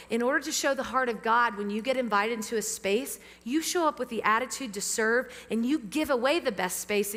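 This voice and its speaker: A woman pastor preaching a sermon to a church congregation, lively and engaging them with questions. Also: on the high side. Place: church sanctuary with amplified sound. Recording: long reverb of a church hall.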